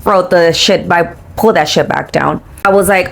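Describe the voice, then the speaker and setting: Profane, animated mixing storyteller woman. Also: lowish voice, normal speed, creaky. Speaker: podcast co-host. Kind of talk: casual storytelling chat.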